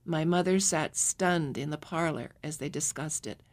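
A woman with a low voice reads a memoir audiobook. Her narration is measured and calm, paced for listening.

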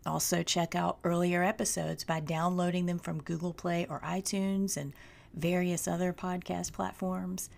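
A middle-aged woman hosting a podcast, speaking in a soft, hushed, unhurried way that often drops to breathy near-whispers. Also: fairly low pitch, flat delivery. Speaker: podcast host. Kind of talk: slow meditative spoken reflection.

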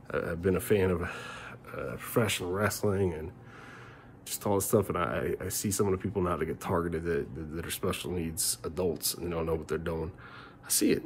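Middle-aged male vlogger, rambling frustrated rant on a phone mic, gravelly voice, faint noise behind. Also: deep voice. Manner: rambling, repeats himself, swears. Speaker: family vlogger.

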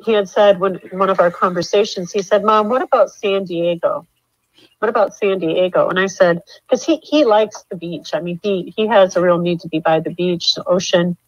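A middle-aged woman telling her story in an interview, halting with many fillers and restarts, her voice rising when upset. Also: lowish voice, no echo. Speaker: mother of a missing man, interview guest. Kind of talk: emotional interview account. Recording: dull dry lo-fi sound.

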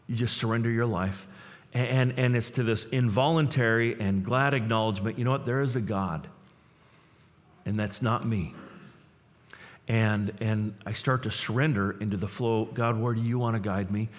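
A man preaching a sermon as pastor, energetic and building to excited peaks, often repeating words as he gets fired up. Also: on the low side, moderate pace. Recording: long hall reverb.

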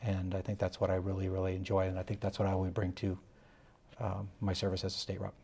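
A man's voice: low voice, monotone, fast, gravelly, dark tone, breathy edge. A political candidate in an interview, a man talking in a rambling way, full of "you know" fillers, with a Massachusetts accent.

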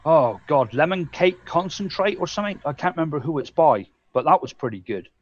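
A man's voice: on the high side, lively intonation, brisk, dull audio. An English man co-hosting a casual live-stream chat, rambling and swearing freely as he acts out his own thoughts. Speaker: co-host.

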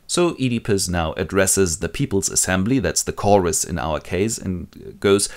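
A man's voice: deep voice, animated, normal speed, hardly any pauses. A man narrating a comic retelling of a classic play with irreverent, wry asides. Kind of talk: comic literature summary.

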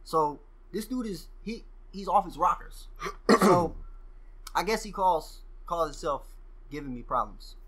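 Bright-voiced man telling stories, profane and animated. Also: fairly high pitch, measured pace, husky. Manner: profane, animated storyteller who acts out quoted exchanges. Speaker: podcast guest. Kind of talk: casual storytelling.

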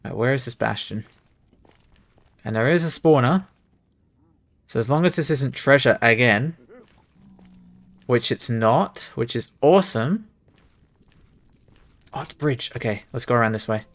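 A man's voice: mid-range voice, expressive, unhurried, pauses often, fairly bright tone. A young man streaming, talking to himself as he plays a speedrun, muttering and exclaiming at the game. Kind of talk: live commentary while speedrunning a game.

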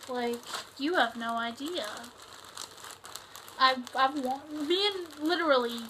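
A young woman vlogging a casual unboxing of a clothing haul, excitable and chatty, full of fillers and gushing exclamations. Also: sits high, slow pace, noisy background.

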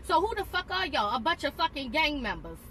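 A woman in her twenties speaks in a high voice, defiant and profane. She keeps hammering her point home. She is recorded on a phone from inside a parked car, with a faint hiss underneath. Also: big pitch swings, brisk. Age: 20s. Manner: defiant and profane, sharp and insistent. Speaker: driver confronting police. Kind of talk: heated confrontation.

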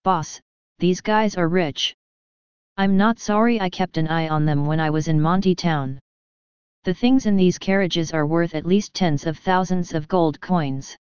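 A woman voicing an eager, greedy male bandit underling in an audiobook, speaking slowly and gloating. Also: lowish voice, darkish tone, smooth, dry recording, natural voice, rough recording.

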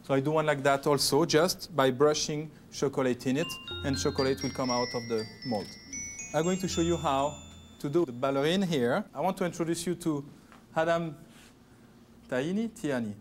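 A man's voice: a little high, moderate pace, faint music behind. A man in his thirties with a French accent, demonstrating chocolate work as a TV pastry chef, giving playful step-by-step instructions. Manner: chatty, joking, step-by-step instructions. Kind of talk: cooking demonstration. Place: TV kitchen studio.

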